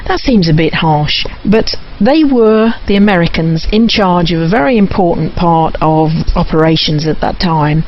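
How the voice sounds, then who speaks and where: A woman telling a local history story and reading passages aloud from a book, with a gentle, amused manner. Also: on the low side, a little hiss or hum. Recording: muffled lo-fi radio recording.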